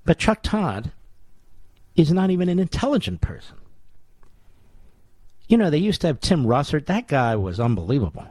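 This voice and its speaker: A man's voice: a little high, very animated, normal speed, pauses often, darkish tone, breathy edge, dry recording. Scornful man hosting talk radio. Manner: sarcastic, combative, scornful rhetorical questions; addresses his producer on air. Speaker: radio talk show host.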